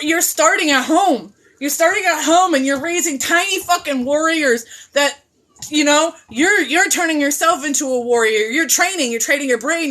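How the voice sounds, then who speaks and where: Needs a woman with a high, sharp voice for an impassioned live rant, profane and emphatic, loud then hushed. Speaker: live-stream host. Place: at home.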